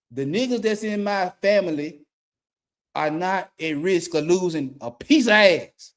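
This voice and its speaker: A man's voice: sits high, expressive, slow, long pauses. A middle-aged man, a YouTube commentator giving a blunt, profane rant and repeating his points for emphasis. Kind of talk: ranting monologue.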